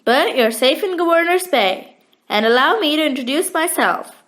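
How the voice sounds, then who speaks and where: A woman's voice: sits high, expressive, normal speed, a bit bright. A woman voicing a friendly young man who greets lost travellers heartily. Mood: welcoming.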